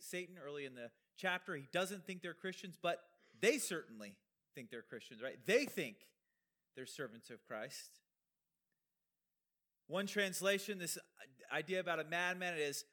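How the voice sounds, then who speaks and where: A man's voice: fairly high pitch, sharp tone. A man preaching an expository sermon, explaining a Bible passage with emphatic rhetorical questions and conversational asides.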